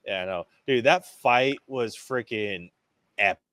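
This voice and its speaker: A man co-hosting a podcast in casual movie review chat. He is excitable, swears freely and acts out scenes in quick quoted voices. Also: fairly low pitch, dry recording. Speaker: podcast co-host.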